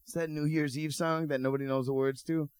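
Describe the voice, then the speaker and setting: A man's voice: on the high side, little pitch movement, a little fast, crowd noise. A man in casual conversation, teasing and crude, swearing often. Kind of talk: casual chat.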